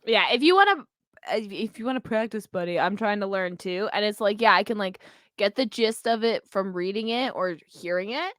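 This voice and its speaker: A woman co-hosting a casual podcast chat, laughing often and tossing in quick asides. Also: mid-range voice, animated, no room sound, clean studio sound. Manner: giggly, quick asides, mimics voices. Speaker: podcast co-host.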